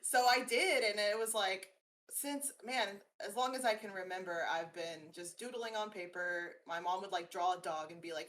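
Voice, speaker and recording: A woman's voice: mid-range voice, moderate pace, fairly bright tone. A woman artist being interviewed, chatting in a bubbly way with frequent laughter. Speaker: guest artist. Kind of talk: casual interview chat.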